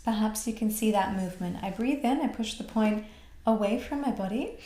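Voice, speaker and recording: A woman from Australia teaching a voice class, guiding the breath with calm, slow cues. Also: medium pitch, a little hiss or hum. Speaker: voice and mantra teacher. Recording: roomy echo.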